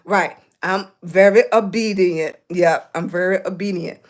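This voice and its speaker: Hoarse middle-aged woman, unhurried livestream chat, affectionate, throat-clearing. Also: fairly low pitch. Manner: affectionate, calls viewers baby and sweetie. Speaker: livestream host. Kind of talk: casual livestream chat to viewers.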